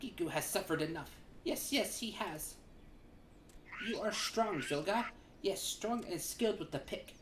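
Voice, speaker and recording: A woman's voice: mid-range voice, expressive, unhurried, noisy background, close to an everyday voice. A woman voicing a timid male kobold miner who pleads anxiously and strings synonyms together. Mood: pleading. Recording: roomy room with game music.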